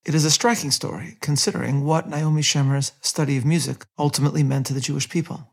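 A man hosting a podcast, reading a measured scripted narration and quoting passages aloud. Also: a little high, steady tone, gravelly, slightly rough. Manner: measured, reads quotes aloud with light character inflection. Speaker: podcast host.

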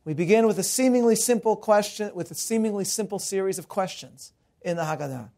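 A man's voice: high-pitched, a little mellow. A middle-aged man lecturing as a rabbi, earnest and mixing stories with humor. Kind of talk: recorded lecture.

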